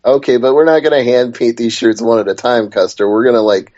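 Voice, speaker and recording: On a casual wrestling podcast, a male co-host talks briskly in a medium-pitched, darkish voice with fairly even intonation. He's chatty, drifting off topic before pulling the conversation back. The audio is dull and lo-fi.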